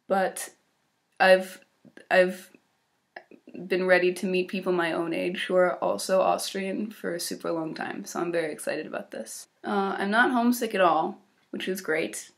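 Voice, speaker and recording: A woman's voice: on the low side, fairly even intonation, measured pace, vocal fry. Chatty American teen girl vlogging. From Illinois, USA. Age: teens. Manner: chatty, upbeat, with fillers and small laughs. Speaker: exchange student vlogger. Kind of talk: casual video diary.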